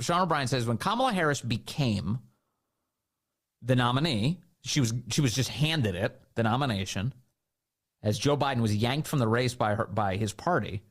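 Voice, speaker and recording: A man hosting a talk radio show, giving animated, indignant commentary and acting out mocking quotes. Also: mid-range voice, normal speed.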